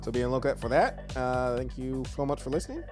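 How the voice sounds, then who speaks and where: A man's voice: medium pitch, big pitch swings, fast talker, music in the background. A man co-hosting a podcast in casual chat, upbeat as he plugs upcoming episodes. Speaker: podcast co-host.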